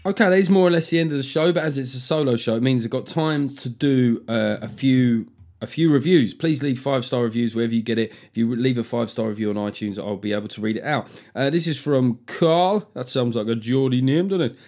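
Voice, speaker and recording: A man's voice: mid-range voice, brisk, a little mellow. Middle-aged male comic as a solo podcast host, loose, sweary, jokey, talking straight into the mic. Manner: sweary, jokey, throws in voices for effect.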